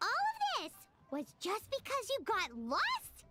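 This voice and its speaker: A woman voicing a tiny, blunt, curious female companion creature in a video game, with a squeaky childlike voice. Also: huge pitch swings, slow, heavily acted. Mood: puzzled. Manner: blunt, nosy questions. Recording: game audio under loud music.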